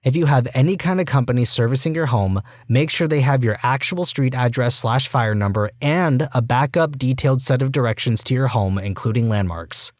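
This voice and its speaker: A man reading reddit stories aloud in an even, steady voice. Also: mid-range voice, moderate pace, few pauses, dry recording, clean studio sound. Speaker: reddit story narrator.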